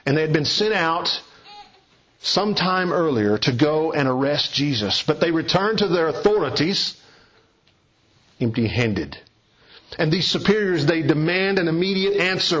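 Male preacher, husky, emphatic delivery, dull lo-fi recording. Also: animated, unhurried, fairly bright tone. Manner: emphatic, shifts pitch widely for quoted speech. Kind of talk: expository sermon.

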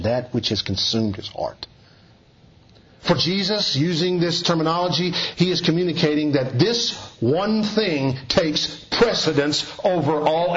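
Heard through dull audio, a man whose voice sits on the high side delivers an expository sermon. His teaching is measured and earnest, and he frequently goes soft to emphasize points.

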